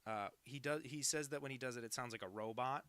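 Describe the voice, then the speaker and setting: A man's voice: mid-range voice, quick pace, fairly bright tone, clean tone, no echo. An American man in his twenties, a cartoonist chatting casually on a live stream while drawing, rambling and self-deprecating. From United States.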